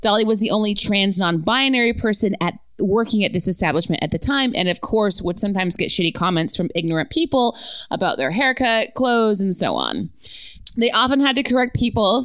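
A woman's voice: mid-range voice, clear, resonant tone, no room sound. A woman co-hosting a podcast, reading listener stories aloud with frequent laughs and swearing. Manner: laughs often, swears, animated delivery. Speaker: podcast co-host.

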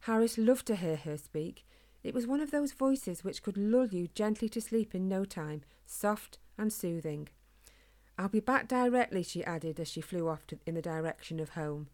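Gentle woman reading a storybook. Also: lowish voice, moderate pace. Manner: calm, gentle and steady. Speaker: narrator.

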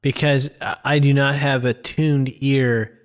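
Guy cohosting a movie podcast, mid pitch, wry jokey asides. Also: flat delivery, a little slow, clean tone. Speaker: podcast co-host. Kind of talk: casual film chat.

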